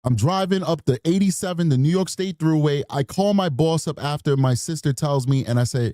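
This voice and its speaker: A man's voice: a little high, fairly quick, few pauses, dark tone, dry recording, clean studio sound. A man hosting a true crime stream with emphatic, mocking commentary, mimicking people in bursts. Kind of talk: animated live-stream commentary.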